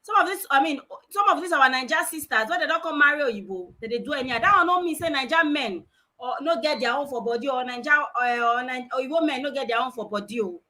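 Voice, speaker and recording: A woman's voice: high-pitched, expressive, fast, sharp tone, low-quality recording. A woman from Nigeria with a Nigerian accent, chatting as a live-stream host and mixing Pidgin with English. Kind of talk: casual live-stream discussion.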